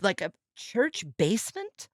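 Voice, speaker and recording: A woman hosting a casual podcast chat about a film, telling scenes in an animated way and acting out the quotes. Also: mid-range voice, measured pace, no echo. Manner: animated storytelling, acts out quotes. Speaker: podcast host. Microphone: podcast microphone.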